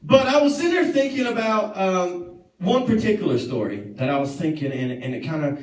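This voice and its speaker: A young man preaching to a youth group, telling a story in a lively, joking way and acting out the other voices. His voice sits high for a man. The sound is roomy and a little distant from the mic. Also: fairly quick. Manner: animated, jokey, acts out quotes, banters with the crowd. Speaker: youth pastor. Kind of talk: storytelling sermon. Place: youth service room. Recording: echoey room, mic at a distance.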